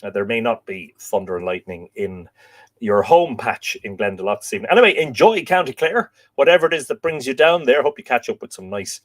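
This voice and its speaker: A man's voice: mid-range voice, lively intonation, fairly quick. An Irish man hosting a live stream, chatting casually and reading viewer comments aloud, with a lot of musing asides and filler words. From Ireland. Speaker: host.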